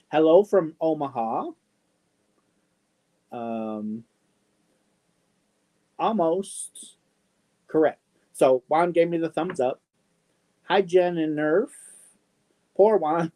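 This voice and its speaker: A middle-aged man hosts a casual live stream and reads viewer comments aloud. His voice sits a little high, and he speaks very slowly. He pauses often with ums and adds fond little asides. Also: warm tone. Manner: slow, halting, many ums, affectionate asides.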